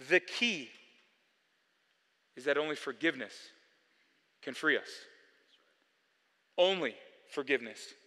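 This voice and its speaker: Male pastor, sermon delivery, bright forceful tone, swings from hushed to emphatic. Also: mid-range voice, lively intonation. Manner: preaching with swings between quiet, slowed passages and loud, emphatic ones. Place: church sanctuary. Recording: long hall reverb.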